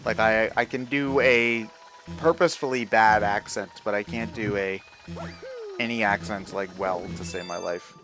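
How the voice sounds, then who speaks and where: A man's voice: fairly low pitch, moderate pace. A man chatting casually and rambling through stories while playing a game live, often restarting his sentences. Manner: rambling, self-deprecating, chatty with many restarts. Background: game music.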